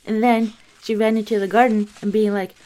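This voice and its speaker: A woman's voice: mid-range voice, level tone, fairly quick, warm tone. A young woman retelling a bedtime story casually, rambling and sarcastic with lots of fillers.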